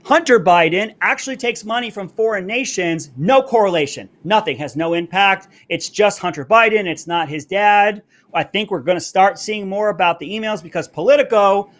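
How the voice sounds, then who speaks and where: A man hosting a live political commentary stream, talking brashly and fast. His voice sits high for a man. He plugs his merch between rants. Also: lively intonation, a bit bright. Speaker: show host. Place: Florida.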